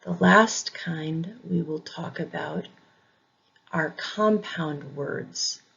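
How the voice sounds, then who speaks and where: A woman's voice: low-pitched, vocal fry, a bit bright, breathy edge, highs cut off. A woman teaching English pronunciation, speaking carefully and repeating each word for learners to copy. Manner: careful, deliberate, repeats words for drilling. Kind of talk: slow, clear pronunciation lesson.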